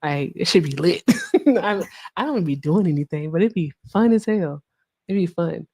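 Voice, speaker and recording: A woman's voice: fairly low pitch, moderate pace. A woman livestream host telling a story in casual chat, swearing often and laughing as she talks. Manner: profane, laughing, animated storyteller.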